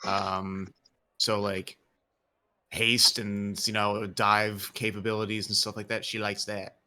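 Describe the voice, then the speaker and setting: A man playing in a tabletop game, talking in a relaxed, chatty way with plenty of fillers. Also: lowish voice, takes it slowly. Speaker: player. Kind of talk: casual table talk.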